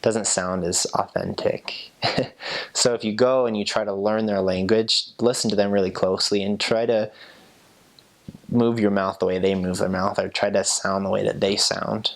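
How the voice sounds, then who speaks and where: A young man talks casually, with a very low voice and a gravelly creak. He is a former missionary explaining phrases, easygoing and chatty. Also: normal speed. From United States. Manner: relaxed, chatty, with fillers and soft laughs.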